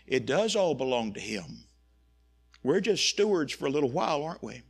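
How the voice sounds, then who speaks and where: Preacher guy, gravelly voice a bit high, folksy story then preaching hard. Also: lively intonation, brisk. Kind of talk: sermon.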